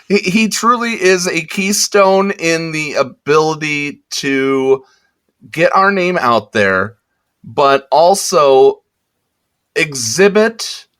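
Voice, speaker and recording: A man hosting a podcast, making a rambling, halting announcement in casual chat. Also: fairly high pitch, a bit bright. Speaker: podcast host.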